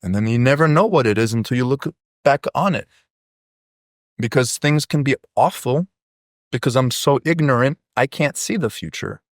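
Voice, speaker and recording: A man's voice: mid-range voice, moderate pace, dry recording, clean studio sound. A man with Polish as his first language, a podcast guest talking casually, a blunt, profane, rambling storyteller.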